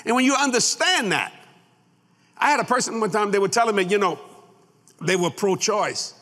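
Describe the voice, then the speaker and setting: A man's voice: high-pitched, lively intonation, normal speed, a bit bright. A man preaching a sermon, folksy and boastful, laughing at his own lines. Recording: long hall reverb.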